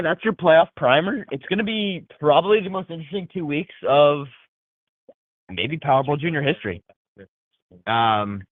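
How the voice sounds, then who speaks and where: A man's voice: fairly high pitch, no room sound, phone-quality sound. A man hosting a podcast, chatting casually about fantasy football in a joking, rambling way. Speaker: podcast host. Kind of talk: casual fantasy football talk with comic recap.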